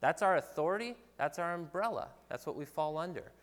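A man's voice: on the high side, lively intonation, a little fast. Man preaching in a reverberant hall. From California, USA. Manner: earnest, conversational preaching with jokes and restarts. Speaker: pastor. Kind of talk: sermon. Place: church sanctuary.

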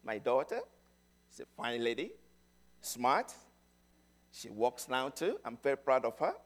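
A middle-aged man preaching a sermon, telling stories with emphasis and swinging between loud and hushed. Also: medium pitch, very animated, a little slow.

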